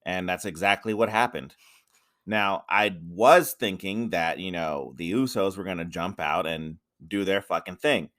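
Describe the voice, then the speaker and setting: Profane ranting man, bright voice. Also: low-pitched, measured pace. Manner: ranting, profane, repeats himself. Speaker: podcast co-host. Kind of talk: casual wrestling chat.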